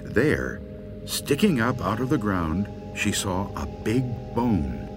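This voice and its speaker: A man reading a spooky folk story aloud with unhurried, expressive delivery. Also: on the low side, music in the background.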